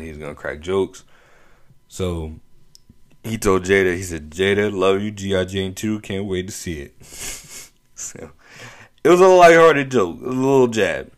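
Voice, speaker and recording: A young man hosting his own show, telling a story in a laid-back, slangy way and laughing often. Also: sits low. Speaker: podcast host. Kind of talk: casual opinion monologue.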